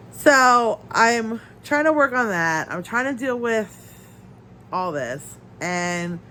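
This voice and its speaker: A woman talks casually from her home, her nose stuffy and a cough breaking in now and then. She rambles through a long rant, and her pitch swings widely as she tells it. A faint hiss sits under her voice. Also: fairly bright tone, poor audio. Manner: rambling, ranting storyteller. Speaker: crafting channel host. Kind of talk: casual chat while crafting.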